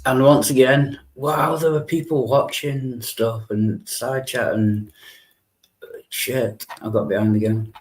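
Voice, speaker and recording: A man's voice: medium pitch, steady tone, slow pace. A man co-hosting a livestream in casual chat, laughing often, mocking himself and swearing. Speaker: livestream co-host.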